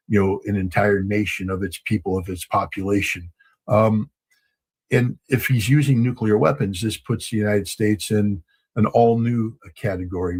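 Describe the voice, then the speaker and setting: A man giving measured political commentary in a formal, grave, emphatic way, with some filler ums. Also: on the low side, a little mellow, slightly rough.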